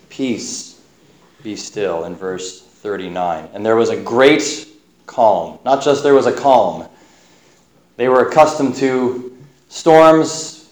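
A man's voice: medium pitch, darkish tone. Man preaching a sermon in a roomy chapel. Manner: measured Bible exposition with scripture readings.

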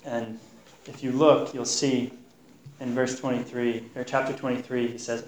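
A man teaching a Bible study, reading verses and explaining them in an earnest, halting way with frequent repeated words. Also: medium pitch, little pitch movement, a little mellow, slight background noise. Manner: earnest, repeats words while pleading passages. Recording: echoey room.

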